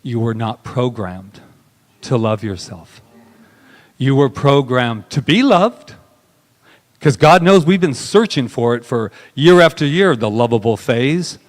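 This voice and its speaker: A male minister giving a sermon, talking intimately and emotionally, sliding from soft murmurs into raised bursts. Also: medium pitch, expressive, measured pace. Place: spiritual center sanctuary. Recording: long hall reverb.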